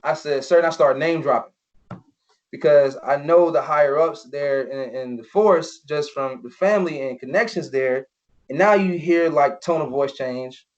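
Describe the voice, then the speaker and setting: On dull lo-fi podcast audio, a young ex-football player recounts personal stories in an interview at normal speed, his voice on the high side. Earnest, he peppers his speech with "you know" and acts out quoted voices.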